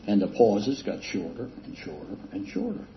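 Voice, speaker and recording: A man's voice: on the low side, sing-song. Older man telling a rambling recovery story. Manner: rambling, self-deprecating, with halting restarts and chuckles. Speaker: speaker sharing a recovery story. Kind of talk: casual storytelling talk. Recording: dull lo-fi recording with faint hiss.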